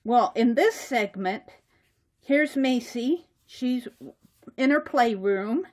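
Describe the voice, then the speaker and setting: A woman vlogger walking through her sketchbook in casual show-and-tell narration, chatty and quick to laugh. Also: on the high side, lively intonation, a little mellow. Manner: chatty, laughs often, acts out little dialogues. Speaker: art journaling vlogger.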